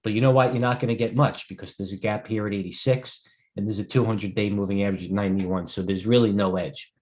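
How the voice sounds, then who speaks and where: A middle-aged man with a fairly low voice, talking through live market commentary as a host. He rambles and digresses, often breaking off to answer viewers' questions. He sounds tired throughout. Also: steady tone, fast talker, a little mellow. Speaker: host and stock broker.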